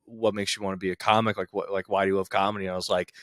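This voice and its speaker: A young man on a podcast telling a rambling story, with many fillers and quick impressions of other people. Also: low-pitched, little pitch movement, dry recording, studio quality. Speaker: podcast co-host. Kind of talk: casual storytelling chat.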